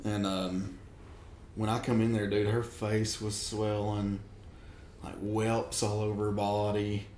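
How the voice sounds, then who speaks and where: A man's voice: on the low side, monotone, slow, a little mellow, slight background noise. A man telling a rambling story in casual chat, full of fillers. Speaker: guest. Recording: echoey room with faint ambience.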